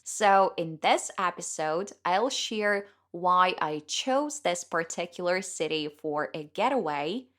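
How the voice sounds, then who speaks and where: A cheerful young woman whose first language is Russian speaks clearly and deliberately, as if to English learners. Her voice sits a little low for a woman, and she hosts a scripted podcast monologue. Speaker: English teacher and podcast host.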